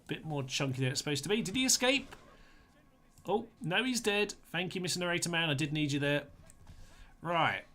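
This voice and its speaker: A man's voice: medium pitch, a bit bright. A man giving chatty live commentary on a strategy game, talking to his troops in a playful way and laughing often. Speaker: gaming streamer.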